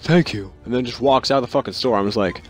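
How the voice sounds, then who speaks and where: A young man telling work stories in a casual vlog, rambling and sarcastic, swearing constantly and acting out other people with sudden jumps in pitch. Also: very fast, soft background music. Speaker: vlogger.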